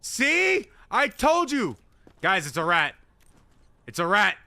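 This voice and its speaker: A man streaming a video game, commenting casually, yelling and joking at the characters. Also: sits high, takes it slowly, slight background noise. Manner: loud, excitable, yells and jokes at game characters. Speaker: gaming streamer. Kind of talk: casual let's-play commentary.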